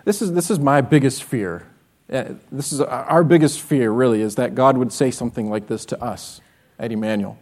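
A man's voice: medium pitch, moderate pace, darkish tone. A man preaching a sermon as pastor, earnest and direct, often asking his listeners rhetorical questions. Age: adult with children.

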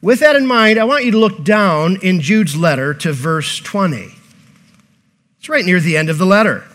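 A man's voice: sits high, expressive, moderate pace, a bit bright. A pastor preaching a sermon, earnest and repeating key phrases, posing rhetorical questions to his congregation.

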